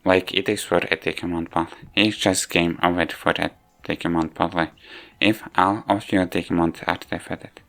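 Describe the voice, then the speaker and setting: A man narrating a video game review, halting often and restarting words as he goes. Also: low-pitched, steady tone, vocal fry, fairly bright tone. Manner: halting, frequent restarts and self-corrections. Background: faint background music.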